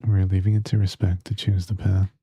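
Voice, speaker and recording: A man's voice: deep voice, flat delivery, brisk, mellow, breathy edge, dry recording. A man streaming a game and chatting with viewers, crude and teasing. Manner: crude, teasing banter with chat. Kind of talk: casual gaming stream chat. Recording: dull lo-fi stream audio.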